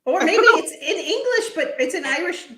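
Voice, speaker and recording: A woman's voice: very high voice, expressive, moderate pace, a bit bright. A woman in a casual group chat who teases the others and giggles often. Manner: teasing, giggly. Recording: echoey room with background noise.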